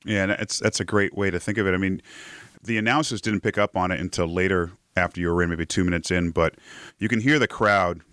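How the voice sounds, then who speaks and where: Chatty low-voiced male podcast host. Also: steady tone, a little fast, a bit bright, no room sound. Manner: chatty, laughs often, frequent fillers. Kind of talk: casual livestream chat.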